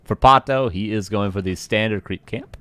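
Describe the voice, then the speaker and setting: This is a man with a lightly West Coast Canadian accent calling a live strategy game match. His voice sits a bit low, and the sound is dry and close. He jokes with viewers, laughs easily, then slides back into match commentary. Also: moderate pace, fairly bright tone, no echo. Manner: joking, laughs often, answers chat questions. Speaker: esports caster.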